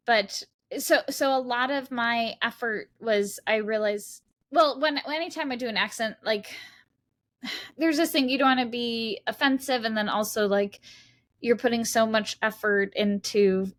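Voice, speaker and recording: This is a woman chatting as an interview guest at a middle pitch. She rambles loosely, circling back through her thoughts with plenty of fillers. She laughs easily between points. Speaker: guest actor. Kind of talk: casual interview chat.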